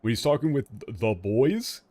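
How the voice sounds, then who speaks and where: A man's voice: mid-range voice, big pitch swings, normal speed, dark tone, no room sound. A man streaming a game and explaining its story in casual, rambling commentary, full of fillers and restarts and the odd swear word. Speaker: streamer playing and translating a game.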